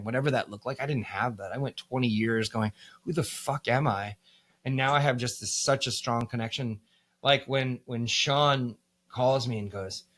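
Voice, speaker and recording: Heard first is a candid, cursing man with an ordinary, middle-pitched voice. He is from the United States. He talks through his music career in a loose podcast chat, with lots of likes and ums. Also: fairly bright tone. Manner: candid and profane, with many fillers. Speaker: band musician, guest. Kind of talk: casual podcast storytelling.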